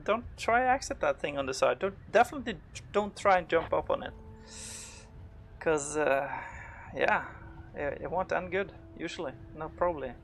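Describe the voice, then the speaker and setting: A man narrates his game live in a slightly high voice, rambling through fillers and restarts. He curses when something goes wrong. Faint game ambience plays underneath him. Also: lively intonation, normal speed, gravelly, a bit bright, a little hiss or hum. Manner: rambling, filler-heavy, swearing when startled. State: panicked, out of breath. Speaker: game streamer. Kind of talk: live gameplay commentary.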